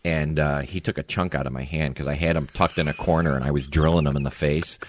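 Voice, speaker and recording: A man's voice: extremely low pitch, fairly even intonation, fast. A man co-hosting a podcast, telling a story in a laid-back, blunt, matter-of-fact way. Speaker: podcast co-host. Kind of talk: casual storytelling chat.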